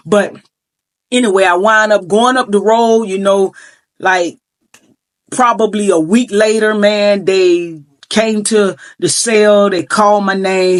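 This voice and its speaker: A woman's voice: mid-range voice, a little slow. A middle-aged woman earnestly recounting her own life story in a vlog, emotional and full of filler phrases. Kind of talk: personal storytelling.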